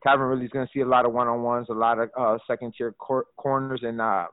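A man's voice: medium pitch, fast talker, no room sound. Man on a tinny, phone-like line. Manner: loose and animated, lots of fillers and restarts, swears freely. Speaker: fantasy football podcast co-host. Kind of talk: casual podcast chat. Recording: dry, phone-like narrow sound.

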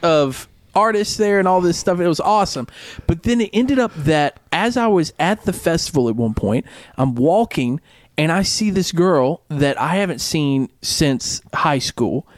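A man's voice: on the high side, no room sound, clean studio sound. A young man co-hosting a podcast, telling a story in casual chat and acting out the voices of the people in it. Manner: laughing, acts out quoted voices. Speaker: podcast co-host.

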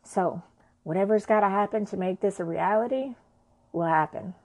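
A woman's voice: medium pitch, moderate pace, darkish tone. Woman telling a personal story, blunt and chatty, swears a lot. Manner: frank and conversational, swears freely.

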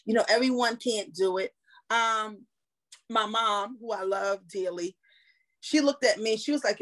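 A woman guest on a podcast, telling personal stories in an animated, casual way. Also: fairly high pitch, brisk. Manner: animated, laughing, storytelling. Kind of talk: casual storytelling.

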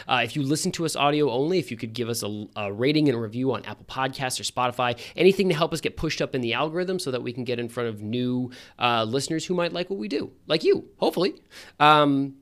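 A man's voice: mid-range voice, fairly bright tone, no room sound. Upbeat jokey podcast host, man. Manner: upbeat, jokey and self-deprecating. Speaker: podcast host and game master. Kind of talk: casual podcast chat and ad reads.

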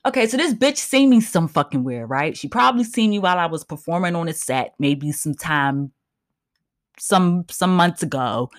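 A woman's voice: fairly low pitch, animated, moderate pace. A woman hosting her own podcast, ranting in a heated, emphatic and profane way. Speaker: podcast host. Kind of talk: solo podcast rant.

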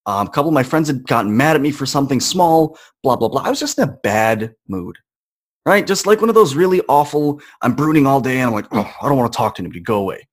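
A man's voice: mid-range voice, sing-song, brisk. Earnest young man telling a story. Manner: earnest, conversational, acts out quoted voices. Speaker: podcast guest. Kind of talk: personal storytelling in conversation.

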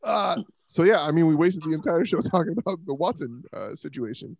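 High-voiced joking sports talk man. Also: fairly quick, vocal fry, muffled recording. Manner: laughs often, animated and joking. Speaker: sports talk show host.

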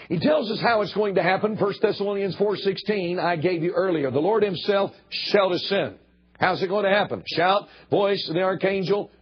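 An older man preaches in a church in a very husky, rough voice that sits rather high. He drives his points home with emphatic repetition and pleading appeals. The recording sounds dull and lo-fi. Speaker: guest preacher. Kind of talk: sermon. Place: church building.

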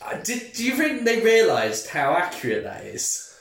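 Wry male co-host, slightly high voice, a bit off-mic in an echoey room. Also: huge pitch swings, moderate pace, recorded from a distance. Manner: wry, joking asides. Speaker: podcast co-host. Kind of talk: casual chat.

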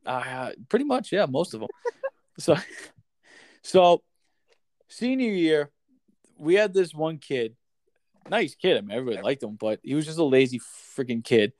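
A man telling a rambling, animated story in casual podcast chat, swearing freely and saying "like" and "dude" a lot. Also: fairly high pitch, moderate pace, pauses often, no echo.

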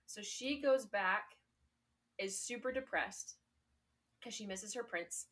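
A woman's voice: medium pitch, takes it slowly, fairly bright tone. A young woman in casual conversation on a podcast, retelling a tale in a chatty way. She leans on "like" and fillers as she goes and laughs often. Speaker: podcast co-host. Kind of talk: casual chat.

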